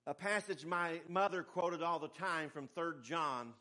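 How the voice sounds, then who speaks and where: A man's voice: a little high, unhurried, hardly any pauses, bright, forceful tone. A middle-aged man preaching a sermon in a folksy, emphatic way, with humorous asides. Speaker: pastor.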